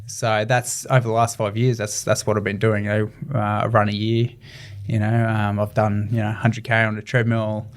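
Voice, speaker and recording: A young adult Australian man, an ultramarathon runner appearing as a guest, talks earnestly in a casual interview with many fillers and restarts. His voice sits on the low side, with little pitch movement and normal speed.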